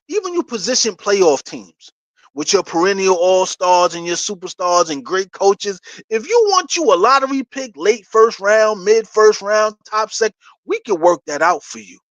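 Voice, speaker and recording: A middle-aged man with a New York accent boasts and trash-talks in a loose, casual way, laughing between his points. His voice sits high for a man, and the sound is close and dry, with no room echo. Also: fairly bright tone. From New York City. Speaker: sports channel host. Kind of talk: casual fan commentary.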